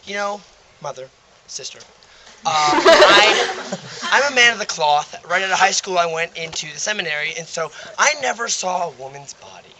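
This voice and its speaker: A man voicing a calm, careful priest in the middle of telling a joke, speaking in a halting, delicate way. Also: high-pitched. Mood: earnest. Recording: noisy amateur recording with clicks.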